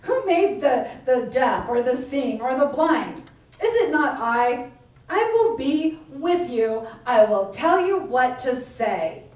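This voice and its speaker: A woman voicing the calm voice of God in a burning bush. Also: high voice, takes it slowly, exaggerated voice. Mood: commanding. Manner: reassuring, matter-of-fact, casual phrasing. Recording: echoey room, voice heard from a distance.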